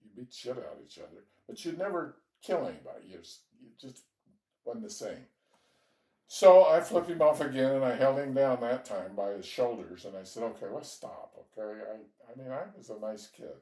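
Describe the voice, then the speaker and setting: In an echoey room, far from the microphone, an older Georgian man from the US recounts stories of his younger days for an interview. His mid-range voice is mellow and lively in intonation at a normal speed, and he chuckles softly as his relaxed, wandering storytelling unfolds.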